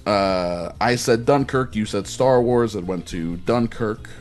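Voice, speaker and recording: A man's voice: on the low side, measured pace, faint music behind. A man hosting a show, telling stories in casual chat with a wry, rambling manner and plenty of fillers. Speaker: podcast host.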